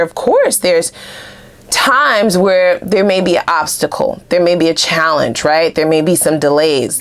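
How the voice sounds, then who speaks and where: A woman giving a casual tarot reading to her viewers, animated and blunt, swearing freely and laughing often. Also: fairly low pitch. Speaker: tarot reader.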